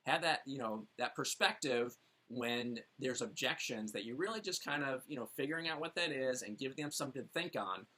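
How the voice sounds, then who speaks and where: A man teaching a sales training session, acting out sample customer dialogue and checking in with "right?" constantly. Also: medium pitch. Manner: animated, acts out sample dialogue with lots of "right?". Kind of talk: training talk on sales objections.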